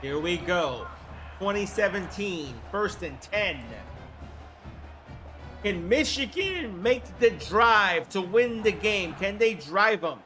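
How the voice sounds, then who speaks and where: High-voiced hoarse male game streamer. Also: takes it slowly, faint music behind. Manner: excitable, chatty, swears casually. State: hoarse throat. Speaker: livestream host. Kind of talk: casual play-by-play game commentary.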